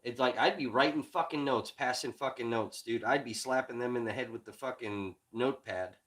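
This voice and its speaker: A man's voice: mid-range voice, a little fast, a bit bright, poor audio. A man hosting a livestream from home, ranting heatedly and profanely in an irritated tone. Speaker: livestream host.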